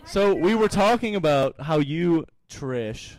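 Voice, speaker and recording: Man, podcast host, lively pitch, casual chat, dry sound. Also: takes it slowly, dry recording. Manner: lively, joking, interrupts often. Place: small home studio.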